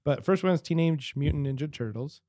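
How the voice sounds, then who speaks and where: A man's voice: a little high, brisk, warm tone, no room sound, studio quality. A man from Utah hosting a casual podcast chat, laid-back and laughing as he talks. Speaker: podcast host.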